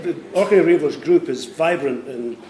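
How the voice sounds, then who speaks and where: A man, a writer, answering questions at a university event, talking hesitantly with pauses. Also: fairly high pitch, a crowd in the background. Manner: hesitant, with many fillers and restarts. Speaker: guest writer. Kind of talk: literary conversation at a public event. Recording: echoey room with faint noise.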